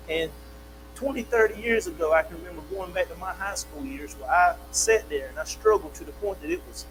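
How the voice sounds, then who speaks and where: A middle-aged man teaching a Sunday school lesson in a folksy storytelling manner, acting out quotes as he goes. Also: high-pitched. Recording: steady mains hum behind.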